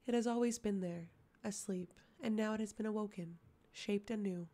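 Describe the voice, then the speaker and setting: A woman voicing an eerie young woman who speaks in a dead, hollow, breathy and toneless way, quiet and gravelly. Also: medium pitch, moderate pace, natural voice.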